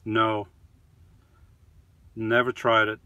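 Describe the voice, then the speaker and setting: Slow, easygoing man in a dry space. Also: on the low side, little pitch movement, pushed and bright, dry recording, lo-fi sound. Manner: reads viewer comments aloud and answers them one by one; easygoing, chatty, with frequent trailing off. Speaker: live-stream host. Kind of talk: casual live-stream chat.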